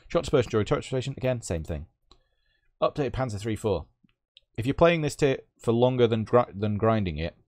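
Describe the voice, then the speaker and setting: Male gaming host, low-ish voice with big swings, dry close sound, sarcastic and sweary. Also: darkish tone, no echo. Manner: sarcastic, swears freely, rambles with self-corrections. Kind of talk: casual sarcastic game commentary.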